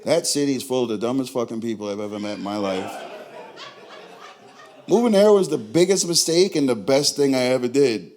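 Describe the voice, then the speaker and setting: Brash, animated Californian comic. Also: male voice, medium pitch, fairly quick, crowd noise. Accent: Tulare, California. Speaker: stand-up comedian. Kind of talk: stand-up comedy set. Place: comedy club.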